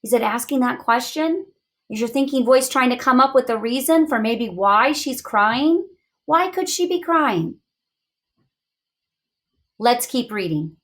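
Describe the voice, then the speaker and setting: A woman teaching young children in a read-aloud lesson, asking questions in an expressive, encouraging way. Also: high-pitched, unhurried, pauses often.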